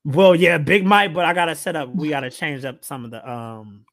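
A man's voice: on the high side, steady tone, moderate pace, a bit bright. A man hosting a podcast in casual, conversational chat. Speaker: podcast host.

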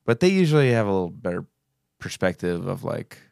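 A low-pitched man with a gravelly, creaky edge, joking dryly in easygoing podcast chat. The recording is close and dry. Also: very animated, a little fast, darkish tone, dry recording. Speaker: podcast co-host, touring musician. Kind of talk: casual chat.

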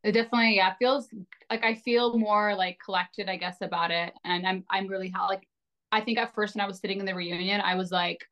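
A woman in her twenties, with a medium-pitched, fairly bright voice and steady tone, talks a little fast as a guest on a podcast. In casual chat she rambles, leaning heavily on the filler "like" and poking fun at herself.

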